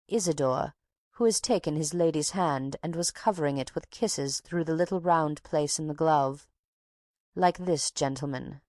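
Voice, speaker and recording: A woman's voice: low-pitched, a little mellow, no room sound, studio quality. A woman reading an audiobook, voicing a talkative older woman box-keeper who tells her tale with drama and takes offence easily. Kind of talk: audiobook character voice.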